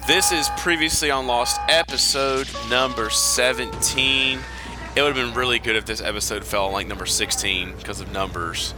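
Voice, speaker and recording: A young man hosting a podcast, chatting casually with quick asides and laughter. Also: medium pitch, music in the background. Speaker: podcast host. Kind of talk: casual chat.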